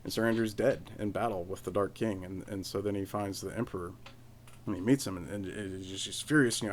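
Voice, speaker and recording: A man's voice: deep voice, fairly even intonation, fast, slight background noise. A man hosting a casual solo podcast from home, rambling with many restarts and fillers. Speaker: podcast host.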